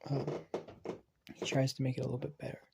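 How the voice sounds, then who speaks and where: A man's voice: mid-range voice, completely flat delivery, quick pace, darkish tone. A man telling an improvised story in a casual, rambling way, swearing and often dropping to a whisper. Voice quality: gravelly, raspy.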